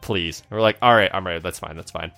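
A man's voice: deep voice, rapid-fire, gravelly, bright, forceful tone, faint music behind. Laughing man telling a casual story. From Canada. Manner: laughs often while telling a story, rambling restarts. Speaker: podcast co-host.

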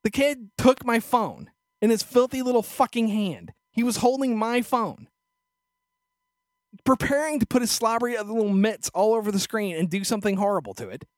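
A man's voice: high-pitched, lively intonation, moderate pace, no room sound. A male podcast host telling a story in a crude, profane, sarcastic rant into a studio microphone. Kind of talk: casual ranting storytelling.

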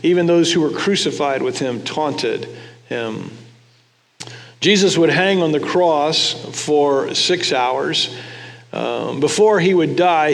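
A man preaching a sermon with a fairly high voice. He talks to the congregation in a conversational way, tossing them questions, and his words ring with the long reverb of a large hall. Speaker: pastor.

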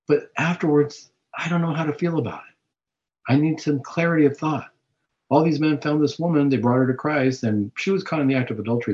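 A man's voice: medium pitch, darkish tone. A man hosting a Catholic talk show, giving a preaching-style reflection on scripture with rhetorical questions. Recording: dull lo-fi recording.

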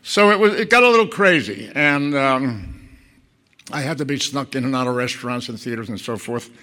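An older man from Boston tells wry anecdotes to an audience in a relaxed way, often restarting his phrases. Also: medium pitch, normal speed. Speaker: guest speaker. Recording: echoey hall.

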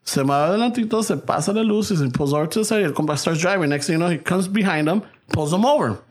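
A man tells a story among friends, animated and loose with his swearing. His voice sits a touch high, and he slides between English and Spanish mid-sentence. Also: racing. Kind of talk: casual chat, storytelling.

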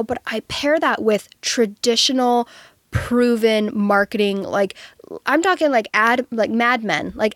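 A woman's voice: on the high side, dry recording, clean studio sound. A woman in her thirties, a marketing coach, talking casually in an interview and using lots of "um" and "like". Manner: chatty, many fillers like "um" and "like". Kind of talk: conversational interview.

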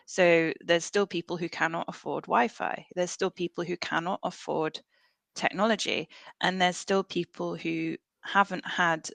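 An earnest woman explains her research as a podcast guest, often pausing on "um" and restarting her sentences. Her voice is bright and has a gravelly edge. The sound is dry and close. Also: on the low side, fairly even intonation, dry recording. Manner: earnest, with frequent fillers and restarts. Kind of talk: podcast interview.

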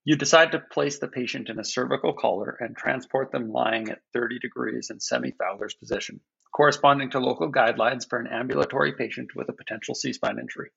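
A doctor on a podcast, a man explaining medical points in a measured, careful way. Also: medium pitch, creaky, a bit bright, breathy edge. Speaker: emergency physician guest. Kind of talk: podcast discussion. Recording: dull, lo-fi sound.

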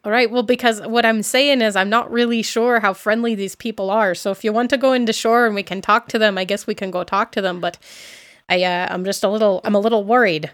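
A woman playing a wary, gruff old aunt and clan elder, grumbling in a lowered voice, with a dry close sound. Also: steady tone, fairly quick, no room sound, lightly acted.

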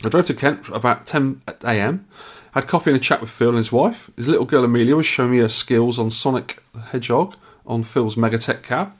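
A man's voice: mid-range voice, brisk. Chatty, tired podcast man. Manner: chatty, rambling storyteller with restarts. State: tired and yawning. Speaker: podcast co-host. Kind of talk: casual chat.

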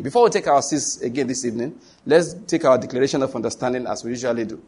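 A man preaching a sermon as pastor, emphatic with sudden loud rises and rhetorical questions. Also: mid-range voice, fast talker, husky.

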